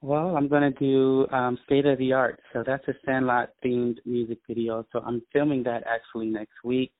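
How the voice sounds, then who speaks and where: A man speaking as a musician guest in a casual interview, eager and stopping with fillers. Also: mid-range voice. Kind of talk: casual interview over the phone. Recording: tinny phone line.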